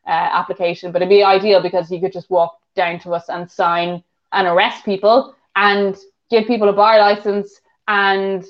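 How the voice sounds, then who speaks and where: A woman's voice: mid-range voice, little pitch movement, moderate pace. A woman with an Irish accent, co-hosting a podcast, telling stories in casual chat with lots of giggles. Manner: giggly storyteller. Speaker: podcast co-host. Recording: dull lo-fi sound.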